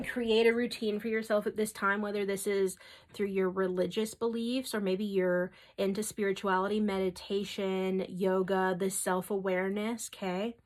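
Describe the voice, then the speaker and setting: Reassuring woman giving a tarot reading. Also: medium pitch. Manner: reassuring, often checks in with "okay?"; emphatic affirmations, sometimes dropping to a soft whisper. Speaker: tarot reader. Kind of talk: spiritual tarot reading to viewers.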